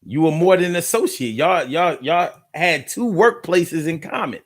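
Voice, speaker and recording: Speaking at normal speed in a slightly high voice, a live streamer chats casually. He tells animated stories in slang, says phrases again and again, and reads viewers' comments aloud.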